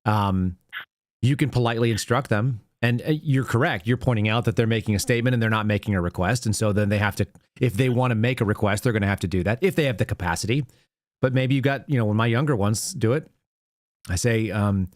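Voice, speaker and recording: A man's voice: fairly low pitch, quick pace, no room sound, studio quality. A man hosting a call-in show, giving earnest advice in casual chat and walking through examples step by step.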